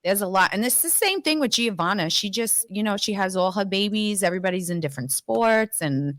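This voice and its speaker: A woman in her thirties or forties chats casually on a podcast and tells stories with a lot of laughter and some swearing. Her voice sits at a middling pitch, and the recording is dry and close. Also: animated, fairly quick, a bit bright, dry recording. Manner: laughing storyteller, swears freely. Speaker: podcast co-host and guest. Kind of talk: casual chat.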